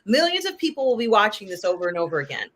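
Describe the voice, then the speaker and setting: A woman hosts a relaxed live-stream chat about pop culture. Her voice is bright and forward, and she talks in a chatty, rambling way, full of "um" and "you know". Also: mid-range voice, very fast. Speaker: host.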